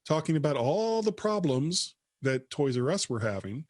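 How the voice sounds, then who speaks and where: Chatty man with a higher voice. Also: big pitch swings, moderate pace, darkish tone, no echo, clean studio sound. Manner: chatty, laughs while reading news. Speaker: podcast co-host. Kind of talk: casual chat.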